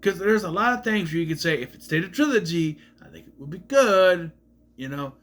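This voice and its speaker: A man's voice: high-pitched, animated, a little fast, a bit bright. A man casually reviewing a film to camera, rambling, restarting his sentences and swearing bluntly. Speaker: movie reviewer.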